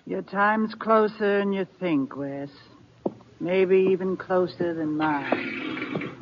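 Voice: mid-range voice, slow pace, noisy background, lightly acted. A performer playing a cantankerous old frontier grandmother in a 1950s radio drama, speaking in grim warnings. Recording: dull old radio broadcast.

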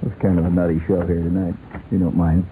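A man's voice: low-pitched, level tone, quick pace. A male radio host in a rambling, playful comic talk, laughing often, on a tinny lo-fi radio recording. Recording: tinny lo-fi radio with faint hiss.

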